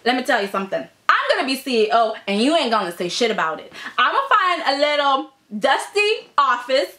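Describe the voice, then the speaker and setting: A woman's voice: high voice, sing-song, brisk, sharp tone, echoey room, exaggerated voice. A woman voicing a cocky, domineering man who lays down the law, in a brash and bossy drawl.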